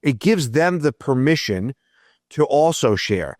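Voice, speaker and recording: A man's voice: mid-range voice, big pitch swings, a little slow, darkish tone, no room sound, studio quality. A man in his thirties hosting a podcast, talking reflectively and often checking in with "right?". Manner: reflective, leans on "right?" tags. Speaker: podcast host. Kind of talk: casual interview chat.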